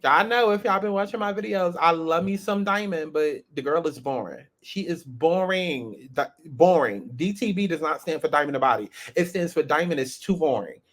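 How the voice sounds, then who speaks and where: A man's voice: on the high side, expressive, normal speed, few pauses, a bit bright. A man hosting a reality-show review, talking in a blunt, sassy and profane casual commentary.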